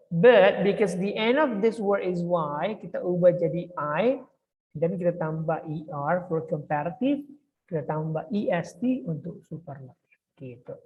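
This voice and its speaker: A woman with an Indonesian accent teaching English grammar in class, explaining patiently and repeating herself with Indonesian fillers. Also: lowish voice. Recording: dull lo-fi recording in a reverberant room.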